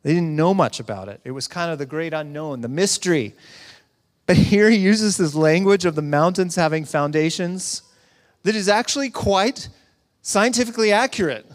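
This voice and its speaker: Pastor, male, slightly high voice, chatty preaching with jokes, hall echo. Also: normal speed. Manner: conversational preaching with humor and asides to the congregation. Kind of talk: sermon. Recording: long hall reverb.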